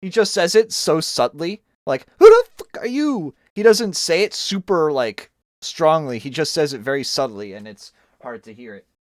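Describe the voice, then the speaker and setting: A young man streams from home while drawing, rambling casually, cracking jokes, and poking fun at himself. His voice is high and animated at a normal speed, with a dry, clean studio sound.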